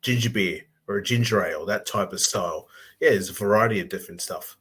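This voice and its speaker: A man co-hosting a casual podcast, talking in a relaxed, rambling way with fillers. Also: on the low side, quick pace. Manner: laid-back, rambling, with fillers and throat clearing. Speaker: co-host.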